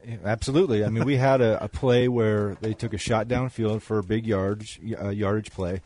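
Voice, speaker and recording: Man, color commentator, low mellow voice, rambling, restarts, postgame radio. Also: fairly even intonation, fairly quick. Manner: rambling, many restarts and fillers. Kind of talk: postgame radio sports talk.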